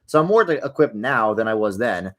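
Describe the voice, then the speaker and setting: A man's voice: on the low side, sing-song, brisk, a bit bright. A young man talks casually into his desk mic while gaming, answering viewers. His chat wanders from point to point, and he drops in dry, sarcastic remarks as he goes. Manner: rambling, chatty, drifting into wry sarcastic asides. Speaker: livestream host answering viewer questions. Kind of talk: casual livestream chat while playing a game.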